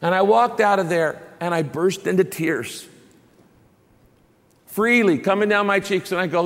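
A man's voice: high voice, measured pace, long pauses, fairly bright tone, in a large hall. A man preaching a sermon as a pastor, telling stories with humor and building to emphatic preaching.

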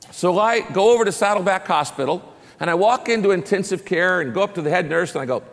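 A man's voice: high voice, lively intonation, quick pace, long reverb tail. A man preaching a sermon as a pastor, telling stories with humor and building to emphatic preaching.

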